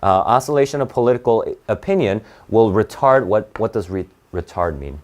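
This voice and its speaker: A man's voice: fairly low pitch, animated, a little fast, darkish tone. A man teaching an online reading lesson for test prep, thinking aloud and checking in with "right?" often.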